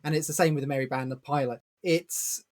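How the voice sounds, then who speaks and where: A man with a voice a little higher than most, talking through a book in a relaxed podcast chat. He explains at length and drops small laughs as he goes. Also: brisk. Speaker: podcast co-host. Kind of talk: casual book-review chat.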